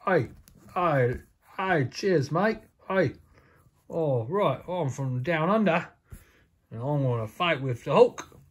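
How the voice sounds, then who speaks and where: A man's voice: fairly high pitch, animated, takes it slowly, pauses often, breathy edge, full character voice. Outback Jack, a man doing a cheery Aussie wrestler. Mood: jolly. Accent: put-on Australian. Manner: jolly, chatty, laughing. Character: cheery male Australian wrestler toy. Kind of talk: toy play role-play.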